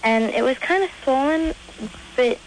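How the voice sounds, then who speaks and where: A woman's voice: high voice, lively intonation, normal speed, a little hiss or hum, rough recording. A young woman calling a radio show, with a small, little voice, speaking hesitantly and earnestly. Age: young adult. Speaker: caller. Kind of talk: call-in question.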